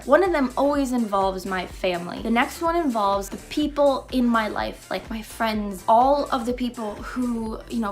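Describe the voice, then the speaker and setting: A young woman with a high, light voice talks straight to her viewers in an earnest, motivational vlog. She sounds heartfelt and a little emotional, with teasing asides now and then. Faint music plays underneath. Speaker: vlogger. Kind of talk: casual motivational vlog talk.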